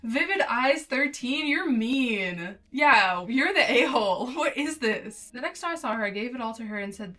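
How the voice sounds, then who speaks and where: A woman in her twenties hosting a casual reaction video, reading an online post aloud and reacting with animated, slangy emphasis. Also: fairly high pitch, normal speed. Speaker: YouTube host.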